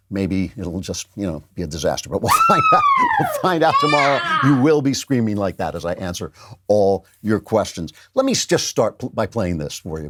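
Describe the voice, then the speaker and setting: A man hosting a political commentary show, sarcastic and emphatic, repeating his points. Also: fairly low pitch. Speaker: host.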